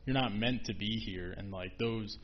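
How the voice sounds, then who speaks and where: A man's voice: on the low side, normal speed. A man casually telling a story in a group discussion, chatty and full of "like" and "you know". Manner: chatty, filler-heavy with frequent "like". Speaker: forum participant. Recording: dull lo-fi with faint hiss.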